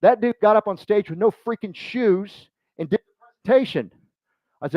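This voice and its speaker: At a business meeting, a high-voiced man delivers a loose, joking motivational talk to the room at a moderate pace. He rambles, pokes fun at himself, and acts out the voices he quotes. The recording is dry, with the highs cut off.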